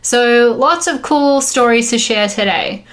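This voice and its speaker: A woman in her thirties with an Australian accent gives a conference presentation as an engineer, chatty and upbeat, with frequent ums. Her voice is on the high side and her pace is measured.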